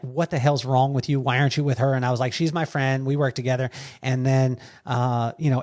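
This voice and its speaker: A man telling stories as a podcast guest, animated and quoting others with lively voices. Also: medium pitch. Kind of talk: storytelling conversation.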